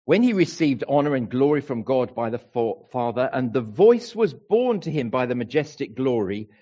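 A man's voice: mid-range voice, dark tone, highs cut off. A man preaching a sermon to a congregation, emphatic and playful. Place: church hall with a congregation.

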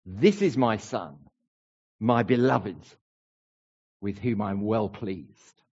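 A man's voice: on the low side, takes it slowly, darkish tone, slightly rough, muffled recording, pitched below the performer's own voice, exaggerated voice. A man preaching puts on a Cockney accent to voice God the Father as a proud, homely Cockney man. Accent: put-on Cockney.

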